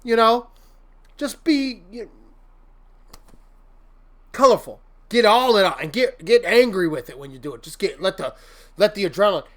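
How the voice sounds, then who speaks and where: A man's voice: high voice, lively intonation, quick pace. Rambling, laughing man giving life advice. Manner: rambling, laughs often, mock-venting with silly fake curses. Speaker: host. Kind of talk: casual motivational livestream chat.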